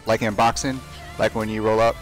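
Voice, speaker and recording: A man's voice: lowish voice, level tone, fairly quick, faint music behind. A young man chatting casually as he streams a game, talking to himself and trash-talking opponents. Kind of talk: casual live gameplay commentary.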